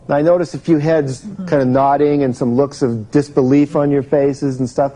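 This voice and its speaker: A man's voice: a little high, steady tone, moderate pace, hardly any pauses, warm tone, rough recording. A man giving a live self-help seminar to a room full of people, talking conversationally and asking the audience questions. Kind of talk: live motivational seminar talk.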